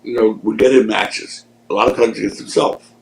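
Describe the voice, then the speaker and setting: A man's voice: fairly low pitch, steady tone, fairly quick, vocal fry, crowd noise, rough recording. A man in his sixties from Philadelphia, a podcast guest telling stories in a laid-back way, laughing at his own tales and swearing freely. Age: 60s. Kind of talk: casual storytelling in a podcast interview.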